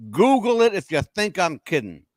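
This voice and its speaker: A man's voice: high voice, sing-song, moderate pace, dry recording, clean studio sound. A man co-hosting a podcast in casual chat, joking and emphatic, insisting he is not making things up. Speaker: podcast co-host.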